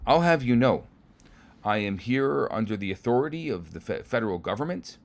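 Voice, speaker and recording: A man's voice: medium pitch, lively intonation, fairly quick, voice pushed up, close to an everyday voice. A man playing a blustering government inspector. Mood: pompous indignant. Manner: blustering and self-important, rising to panicked shouts. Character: stern, pompous male government inspector, middle-aged.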